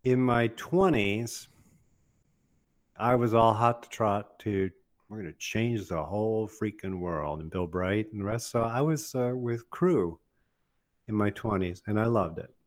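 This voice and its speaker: An older man telling a funny personal story in an animated, casual way, often laughing and acting out what others said. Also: fairly low pitch, a little slow. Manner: laughs often while telling, acts out quoted voices.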